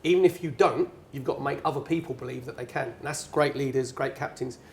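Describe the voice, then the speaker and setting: Speaking quickly in a gravelly, mid-range voice, a middle-aged English guest speaker tells a long story on stage at a networking event bar. Once a footballer and now a pundit, he acts out people's words in a chatty, animated way, with slight background noise behind him.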